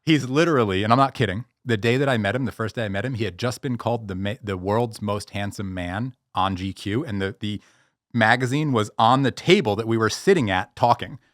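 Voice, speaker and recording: A man being interviewed as a posture expert, telling stories in an animated way with many restarts. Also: lowish voice, brisk, no echo, clean studio sound. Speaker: guest, posture and pain-relief expert. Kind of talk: podcast interview.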